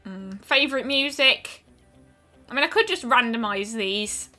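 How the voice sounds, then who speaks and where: Bright-voiced woman chatting through gameplay. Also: on the high side, animated, a little slow, faint music behind. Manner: chatty and musing, trailing off with frequent ums. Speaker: streamer. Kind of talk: casual gameplay commentary.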